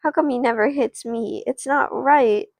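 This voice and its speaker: A woman's voice: on the high side, normal speed, gravelly, darkish tone, no echo. A woman voicing an earnest, caring little girl in a doll play story. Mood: upset. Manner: earnest, worried. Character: earnest good little schoolgirl.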